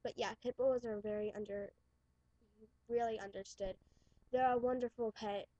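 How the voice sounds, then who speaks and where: A woman's voice: a little high, fairly even intonation, moderate pace, dark tone, no echo. A teenage girl with a New York accent, rambling casually into her webcam with many restarts. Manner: chatty, restarts and trails off. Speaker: webcam vlogger. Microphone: webcam mic. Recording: dull lo-fi webcam audio.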